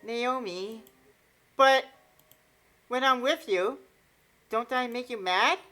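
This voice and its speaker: A woman voicing a tearful, high teenage schoolgirl. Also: slow, bright, forceful tone. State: crying.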